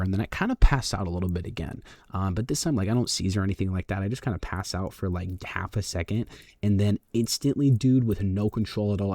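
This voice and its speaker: Deep-voiced slangy young man telling a story. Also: warm tone, no echo, studio quality. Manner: slangy, swears, ends phrases with "bro". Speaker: vlogger. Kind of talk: casual storytelling to camera.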